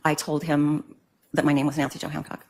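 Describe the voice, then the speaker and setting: Older woman with a low, flat, hesitant voice. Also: a little fast. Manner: hesitant, with many ums. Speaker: witness in court. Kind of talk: court testimony.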